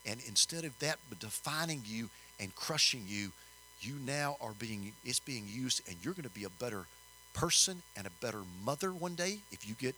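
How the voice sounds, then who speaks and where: An older man telling a story in a sermon, folksy and animated, rising in emphasis. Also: medium pitch, normal speed, a little hiss or hum, rough recording. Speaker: preacher.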